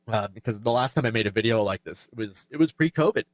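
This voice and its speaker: A longtime YouTuber, a man, speaking in a reflective, halting way with many fillers and restarts as he gets emotional. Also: lowish voice, lively intonation. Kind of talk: reflective personal talk.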